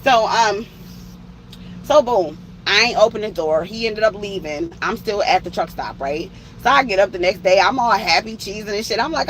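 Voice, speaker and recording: A woman telling a story in an animated, profane way, acting out what each person said. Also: mid-range voice, moderate pace. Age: older than 30. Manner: animated, profane, acts out quoted voices. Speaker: truck driver telling a story. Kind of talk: uncensored storytime.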